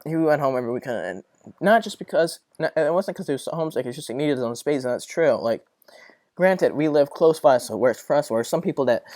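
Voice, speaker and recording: A man's voice: mid-range voice, darkish tone, no echo. Profane, exasperated young man ranting. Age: young adult. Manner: profane, rambling, exasperated venting. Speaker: podcast host. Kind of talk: casual solo podcast rant.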